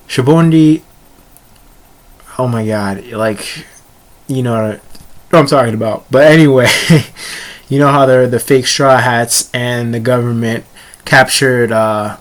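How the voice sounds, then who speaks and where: A young man casually reviewing a comic chapter, rambling and often stumbling over words and restarting. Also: medium pitch.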